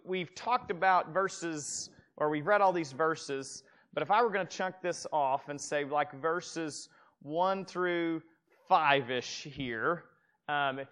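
Male pastor, sermon, fairly high voice, animated delivery, acted-out gasps, restarts. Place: church room with a gathered congregation.

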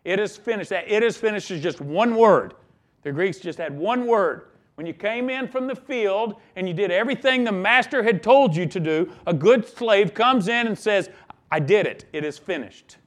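A man's voice: high voice, lively intonation, moderate pace. A man preaching a sermon, emphatic, with his voice rising and dropping in volume. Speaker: pastor.

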